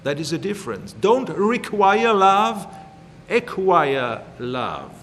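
A man preaching a sermon in a measured, emphatic way, slowly repeating his key phrases. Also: high voice, big pitch swings, fairly bright tone, slight background noise. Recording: long hall reverb.

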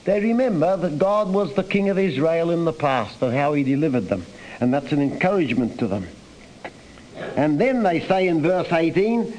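A man preaches a psalm in an earnest, emphatic way, his voice rising and dropping as he stresses words. His voice sits a touch high for a man. It sounds like an old radio broadcast. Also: lively intonation, normal speed, a little mellow, poor audio. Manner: earnest, rising and falling emphasis, reads scripture aloud. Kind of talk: sermon on a psalm.

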